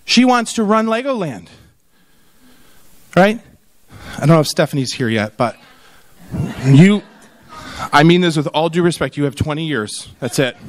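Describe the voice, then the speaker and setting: A man in his thirties giving a humorous conference speech about tourism, telling lively stories with comic asides and acted-out quotes. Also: high-pitched, moderate pace, pauses often. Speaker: keynote speaker on tourism.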